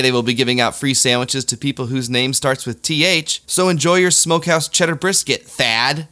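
Bright-voiced deadpan comedy news host. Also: male voice, medium pitch. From Kansas City area. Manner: deadpan, self-deprecating asides. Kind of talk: satirical news monologue.

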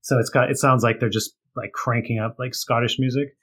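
Male guest, husky, chatty storyteller with lots of fillers. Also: medium pitch, steady tone, brisk, fairly bright tone. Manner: storytelling, laughs often, many fillers. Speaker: author and guest. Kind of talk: casual chat.

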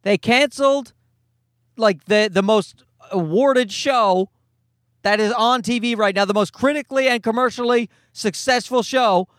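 A man telling a comedic rant with a profane, exasperated, animated delivery. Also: extremely high pitch, measured pace, no echo, clean studio sound. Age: adult parent.

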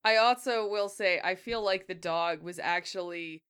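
A woman's voice: on the low side, moderate pace, a bit bright, clear, resonant tone. A woman co-hosting a podcast, chatting casually and wryly about a movie, laughing as she talks. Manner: wry, swears casually, laughs while talking. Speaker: podcast co-host. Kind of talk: casual movie-review chat.

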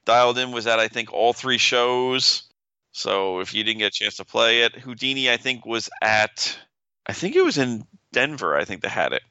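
A man co-hosting a casual podcast chat from a room at home, giving short, deadpan replies. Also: medium pitch, moderate pace, smooth, no echo, highs cut off. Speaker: podcast co-host.

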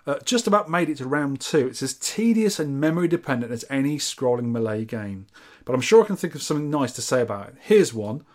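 A man's voice: medium pitch, big pitch swings, quick pace. A man co-hosting a podcast, reading out listener scores and comments in a jokey, bantering way. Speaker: podcast co-host.

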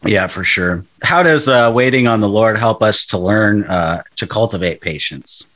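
A man's voice: on the low side, fairly bright tone. A man hosting a faith conversation, speaking earnestly with frequent restarts and repeated words. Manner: earnest, halting with many restarts. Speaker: podcast host.

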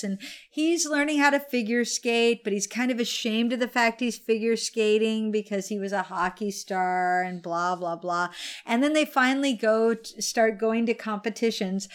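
A woman's voice: mid-range voice, smooth. A tipsy woman in casual chat, telling a story with animation, laughing often and acting out lines from a movie.

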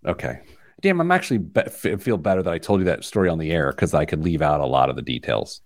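A man hosting a radio money show, telling stories in a lively, self-deprecating way. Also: a bass voice, quick pace, no room sound, studio quality. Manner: animated, self-deprecating storyteller. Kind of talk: casual chat, storytelling.

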